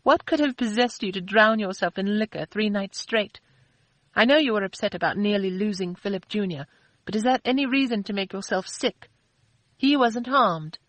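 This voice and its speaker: A woman narrator voicing a spirited, quick-tempered young woman who answers back with sharp, indignant retorts. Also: mid-range voice, dry recording, pitched above the performer's own voice, natural voice, low-quality recording. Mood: defiant.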